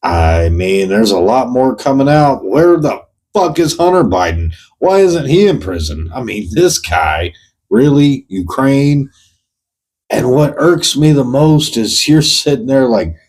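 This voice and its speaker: A man's voice: medium pitch, expressive, unhurried, darkish tone, poor audio. A man hosting his own show, venting in a blunt, profane monologue and firing pointed questions straight at the person he is addressing. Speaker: host. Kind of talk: ranting monologue.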